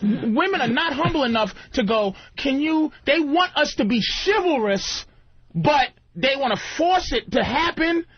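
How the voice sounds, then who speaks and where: A man's voice: very high voice, a little slow, dry recording. A male comedian talking as a guest on a radio show, telling profane stories and acting out quotes with lots of energy. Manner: profane, animated storytelling with acted-out quotes. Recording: lo-fi radio broadcast.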